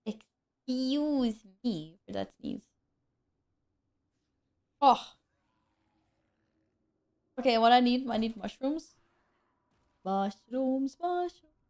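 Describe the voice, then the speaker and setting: A woman talks casually through a game stream, answering viewers and poking fun at herself. Her voice sits a little high, and she laughs easily between remarks. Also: gravelly, a little mellow. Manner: chatty, self-mocking, laughs often. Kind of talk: casual gameplay stream chat.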